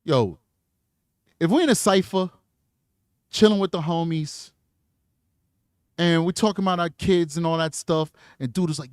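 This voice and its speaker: A man hosting a live commentary stream, talking in an animated, slangy, emphatic way. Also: fairly high pitch, moderate pace, pauses often, clean tone, no echo, studio quality. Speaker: livestream commentary host.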